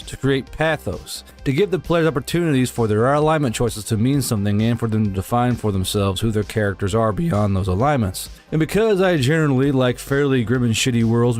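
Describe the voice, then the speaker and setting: A man's voice: mid-range voice, a little mellow. Male co-host reading stories aloud: dry, level, faint music underneath.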